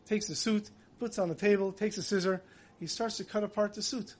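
A man giving a Tisha B'Av style sermon, telling a parable and acting out the dialogue, then slowly chanting lament verses. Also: sits high, fairly even intonation. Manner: storytelling, acts out dialogue in voices. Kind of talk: sermon with storytelling.

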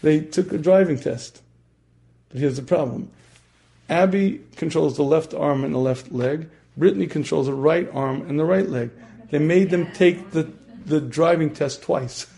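A man teaching a religious class who often clears his throat and asks his listeners questions. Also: a little high, measured pace, mellow.

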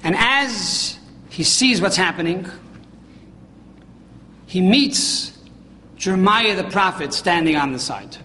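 A man with a high voice delivers a sermon, telling a story with emphatic, rising questions. His voice rings with a long hall reverb over a faint room hum. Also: bright, forceful tone.

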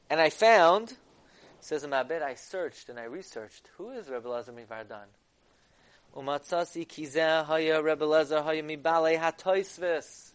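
A man giving a text-study lecture. He reads Hebrew sources and explains them in English, growing loud and emphatic at key points. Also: on the high side, moderate pace, clear, resonant tone. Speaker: Torah lecturer.

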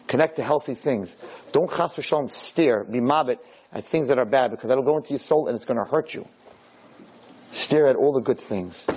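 A rabbi giving a Torah lecture to a live audience in a room. He speaks emphatically, repeats his points and swings his pitch up and down. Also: a little mellow, slight background noise, low-quality recording.

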